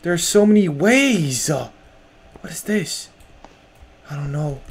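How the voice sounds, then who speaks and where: A man's voice: on the high side, lively intonation, takes it slowly, a little hiss or hum. A young man playing a horror game, jumpy and nervous, talking to himself in casual slang. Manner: casual slang, lots of "bro". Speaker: gamer. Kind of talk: horror game let's play.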